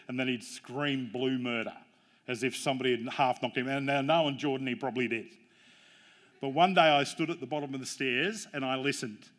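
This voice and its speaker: A man's voice: medium pitch, fairly bright tone. A man preaching a sermon as pastor, mixing jokes and family stories with emphatic, rising points. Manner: jokey, storytelling preacher with emphatic rises.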